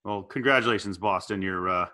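A man co-hosting a casual comedic chat, telling animated stories and jumping up in pitch whenever he quotes someone. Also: fairly quick. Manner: animated storyteller, jumps up in pitch for quoted voices. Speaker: podcast co-host.

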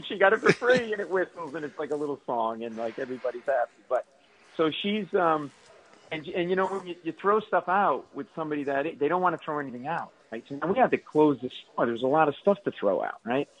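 A man's voice: a little high, animated, fast talker, low-quality recording. A middle-aged man, a stand-up comedian, telling exaggerated, self-mocking stories as a radio guest. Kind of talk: comic storytelling on radio.

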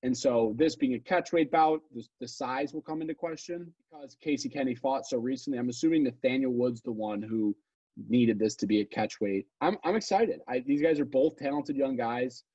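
A man co-hosting a podcast chats casually about sports betting picks, wandering into asides and correcting himself along the way. His medium-pitched voice is dark with a breathy edge, at normal speed, and the recording is dry and lo-fi.

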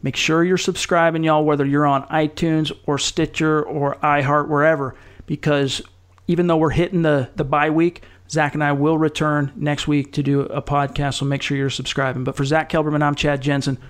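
A man's voice: a little high, little pitch movement, moderate pace, smooth. A man hosting a sports podcast, talking casually and upbeat, plugging subscriptions. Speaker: podcast host.

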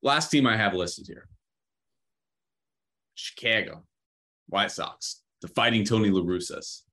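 Male sports co-host, low pitch, animated intonation, teasing tone. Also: a little slow. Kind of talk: casual sports chat.

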